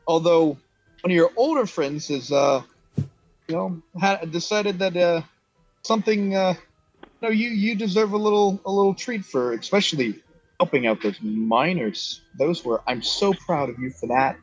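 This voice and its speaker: A man's voice: a little high, very animated, breathy edge, highs cut off, faint music behind, exaggerated voice. A man voicing a proud, doting middle-aged mother who gushes and halts with many fillers. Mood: proud, happy. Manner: gushing, halting with many fillers.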